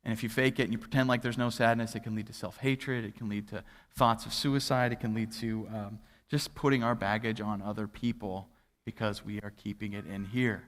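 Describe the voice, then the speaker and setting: A man's voice: lowish voice, steady tone, brisk. A young adult man, a pastor, preaching a sermon in a church and telling self-deprecating stories in a conversational way. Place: church sanctuary. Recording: hall reverb from a church livestream.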